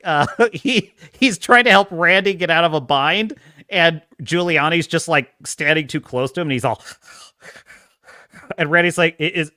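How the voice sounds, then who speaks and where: A man's voice: high-pitched, pushed and bright, no echo, clean studio sound. Exasperated ranting male podcast host. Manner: sarcastic, exasperated, laughing often. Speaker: podcast host reacting to clips. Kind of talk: ranting commentary on clips.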